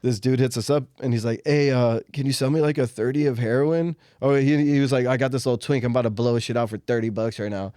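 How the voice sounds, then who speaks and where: A man's voice: medium pitch, fast, few pauses, no echo. Male podcast co-host, casual street tales, swears and laughs, dry close sound. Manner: animated, profane, laughing storyteller. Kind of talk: casual storytelling.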